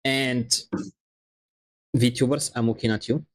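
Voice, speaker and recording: A man streaming and chatting casually, teasing his friends in a halting way. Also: medium pitch, steady tone. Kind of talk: casual chat on a live stream.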